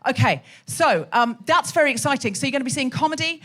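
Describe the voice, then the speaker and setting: A woman's voice: high voice, animated, fast, fairly bright tone. A woman hosting a live comedy podcast on a hot theatre stage, chatting with and teasing the audience. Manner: chatty, teasing crowd work.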